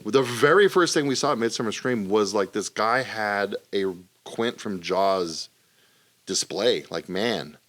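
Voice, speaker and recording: A man's voice: on the low side, a little slow, a bit bright. A man co-hosting a podcast in casual chat, telling stories animatedly and swearing freely. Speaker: podcast co-host.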